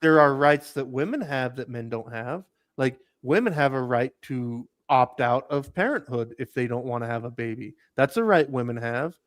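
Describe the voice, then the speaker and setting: A man's voice: medium pitch, animated, normal speed, hardly any pauses, dry recording, clean studio sound. A man co-hosting a casual podcast, sarcastic and incredulous in his replies. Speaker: podcast co-host. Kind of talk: casual chat.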